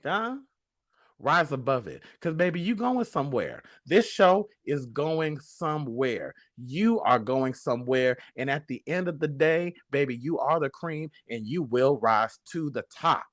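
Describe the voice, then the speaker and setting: A man hosts a talk show in a sassy, sermon-like manner, calling his listeners baby. His voice sits at a middle pitch. The sound is dry and close. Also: lively intonation, a little slow, few pauses, fairly bright tone, no echo. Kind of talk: casual talk show monologue.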